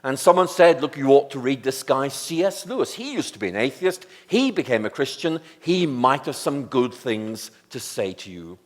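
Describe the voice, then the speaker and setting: A British man in his sixties giving a public lecture, measured and wry with dry touches of humor. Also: medium pitch, animated. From Northern Ireland. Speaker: guest lecturer. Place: large lecture hall. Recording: long hall reverb.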